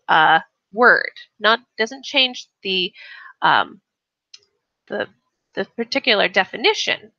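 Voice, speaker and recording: A woman's voice: mid-range voice, sharp tone, no room sound, highs cut off. A woman teaching English on a casual live stream, chatting and reading the chat aloud, often restarting her sentences.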